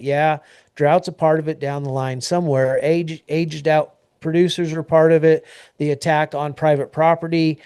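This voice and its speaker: A man's voice: fairly high pitch, mellow, smooth, no room sound, studio quality. A man co-hosting an agriculture news talk show, speaking in a plainspoken, rambling way with many fillers and restarts. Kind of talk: casual news discussion.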